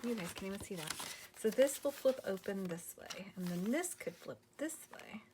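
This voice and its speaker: A tired woman hosting a crafting video, chatting casually and softly, at times dropping to a whisper as she works. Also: mid-range voice, expressive, normal speed, background noise. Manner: soft-spoken, drifts into whispers while working.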